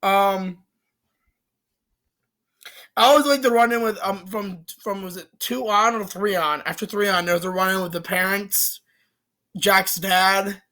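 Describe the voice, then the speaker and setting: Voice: medium pitch, steady tone, unhurried, long pauses, sharp tone. A casual movie reviewer rambling about a film series, with lots of fillers, restarts and casual swearing.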